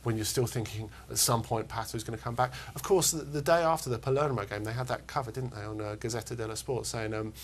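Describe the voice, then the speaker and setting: A man's voice: medium pitch, quick pace, few pauses, slight background noise. A man co-hosting a football chat, talking eagerly and restarting his sentences. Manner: eager, stammering restarts, heaps of you know. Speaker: co-host.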